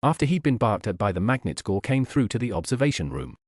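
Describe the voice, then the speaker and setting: A man narrating a novel aloud in a scripted, animated reading style. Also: on the low side, fast, breathy edge, no room sound. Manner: lively, animated reading with voiced characters. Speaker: audiobook narrator.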